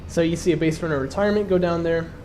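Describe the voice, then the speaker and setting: A man's voice: on the high side, fairly even intonation, fast, a little mellow, a little hiss or hum. A congested man casually commentating his own strategy game match, explaining his moves with plenty of fillers.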